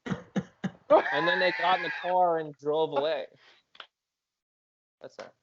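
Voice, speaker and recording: A man guest on a podcast, telling stories in a casual chat, animated and self-mocking. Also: on the high side, slow, muffled recording.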